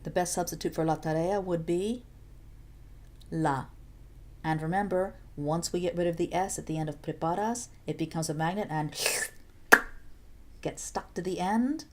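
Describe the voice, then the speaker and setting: A woman teaching a recorded video lesson, walking through each step patiently and clearly, with the odd playful aside. Her voice sits a little low and sounds mellow and soft-edged. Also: normal speed. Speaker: Spanish teacher.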